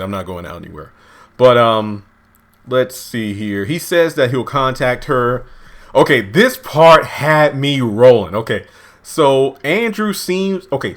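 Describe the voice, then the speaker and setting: A man casually recapping a TV episode at home, lively and acting out characters' lines in high voices. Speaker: TV show reviewer. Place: home, indoors.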